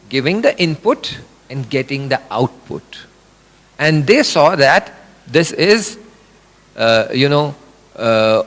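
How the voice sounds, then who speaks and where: Man, middle-aged, religious lecture, lively pitch, slightly high voice, long hall reverb. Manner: animated explaining with examples and acted quotes. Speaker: religious speaker.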